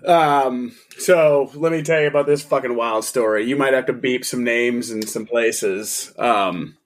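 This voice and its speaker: A young man co-hosting a podcast, answering with quick short reactions and telling his own profane work story. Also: medium pitch. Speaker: podcast co-host. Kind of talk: casual storytelling chat.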